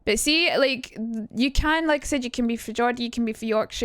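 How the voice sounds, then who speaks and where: A woman's voice: fairly high pitch, a little fast, a bit bright, clean tone, no room sound, studio quality. A young woman streamer casually teaching, chatty and rambling, reading chat aloud with casual swearing.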